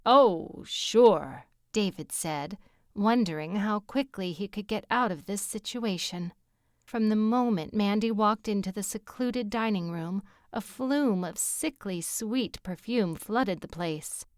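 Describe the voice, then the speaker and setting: A woman narrating an audiobook in a measured, even storytelling manner on a close mic. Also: medium pitch, no echo. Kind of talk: scripted narration.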